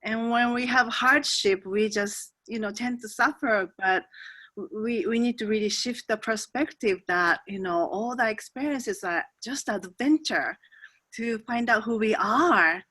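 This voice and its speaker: A woman talking slowly and gently as a guest in a spiritual interview, often pausing on soft fillers. Her voice is recorded close and dry, with no room sound around it. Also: fairly high pitch, no room sound. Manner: soft, hesitant, many fillers.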